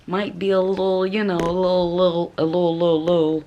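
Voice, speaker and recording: A woman's voice: lowish voice, fairly quick, few pauses, dull audio, a little hiss or hum. A woman in her forties vlogging from home, telling a story with laughs and shrieks. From Texas. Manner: animated, laughing, reenacts with shrieks. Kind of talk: casual storytelling vlog. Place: at home in an apartment.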